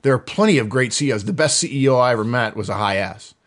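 A middle-aged man hosting a podcast, explaining in a casual, animated way and acting out quoted voices. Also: medium pitch, fast talker. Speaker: podcast host.

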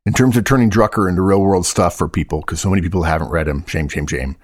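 A man with a very low voice gives blunt, emphatic advice on a casual podcast. He hammers his points home by repeating them. The sound is dry and close, with no room echo. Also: quick pace. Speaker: podcast co-host.

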